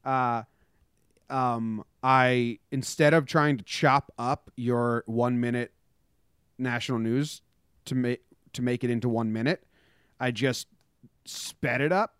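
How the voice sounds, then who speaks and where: A man's voice: mid-range voice, fairly even intonation, slow pace, long pauses, fairly bright tone, smooth, no echo, studio quality. A man hosting a casual podcast, joking loosely and chatting through a sports update. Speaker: podcast host.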